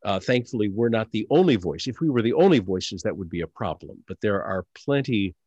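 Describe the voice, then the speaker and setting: A man's voice: fairly low pitch, expressive, brisk, darkish tone, slightly rough, no echo, dull audio. A man joining a discussion as a guest, talking in a wry, self-deprecating way. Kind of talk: casual discussion.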